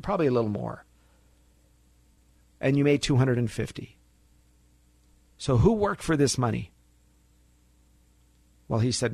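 A man's voice: mid-range voice, vocal fry, a little mellow, no room sound. A man hosting a financial radio talk show, talking animatedly and acting out little dialogues between clients and brokers.

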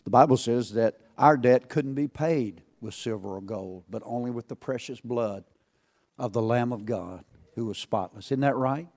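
A man preaching a sermon to a congregation, swinging between loud calls and hushed asides and asking rhetorical questions. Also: mid-range voice, normal speed.

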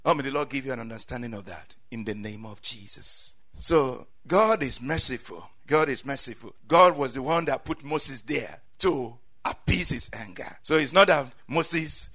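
A man preaching a sermon, swinging from quiet asides to loud cries and saying amen often. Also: medium pitch, normal speed.

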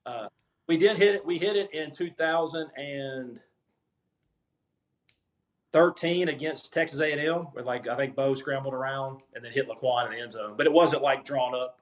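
A man's voice: medium pitch, normal speed. Laid-back middle-aged man recounting stories. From Mississippi Gulf Coast. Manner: laid-back, matter-of-fact anecdotes with casual fillers. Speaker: former college football coach, podcast guest. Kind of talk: casual podcast interview.

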